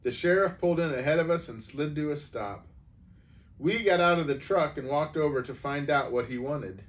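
A man's voice: fairly high pitch, moderate pace. A man reading a humorous story aloud, voicing each character in turn.

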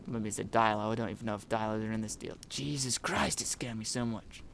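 Young male gamer, gravelly voice, jumpy and jokey, swears a lot. Faint background hiss. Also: lowish voice, quick pace, a bit bright. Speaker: gaming YouTuber. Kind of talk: let's-play commentary.

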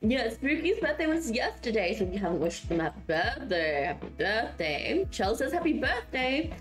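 A woman's voice: fairly high pitch, very animated, normal speed, reverberant, soft background music. A woman streamer chatting casually and giggling with her viewers while she builds in a game, her voice still sleepy from just waking up. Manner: giggly and chatty, reading out and answering chat. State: just woke up, voice not warmed up.

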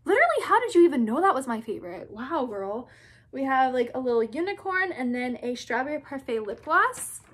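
A woman's voice: high-pitched, very animated, fairly bright tone. A young woman chatting bubbly and gushing as she opens fan mail for her vlog. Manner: bubbly, gushing, quick to squeal. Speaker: YouTuber opening fan mail. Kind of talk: casual vlog chat.

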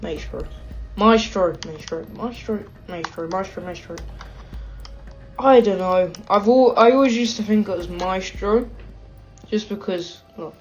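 A woman with a British accent giving excitable, self-mocking gameplay commentary. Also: mid-range voice, a little slow, highs cut off, soft background music. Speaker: gaming channel host.

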